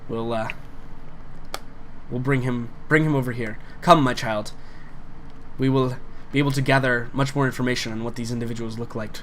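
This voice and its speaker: A man playing a steady guard knight who talks formally and calmly in a tabletop fantasy game. He is firm and reassuring, with a slight background hiss. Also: mid-range voice, normal speed, long pauses, natural voice. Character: stern male guard knight.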